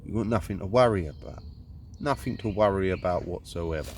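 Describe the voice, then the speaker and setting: A man's voice: low-pitched, fairly quick, a little hiss or hum. A man with a Luton accent delivering a rambling, indignant monologue, swearing constantly. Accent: English, Luton. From Luton, England. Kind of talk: profane ranting monologue.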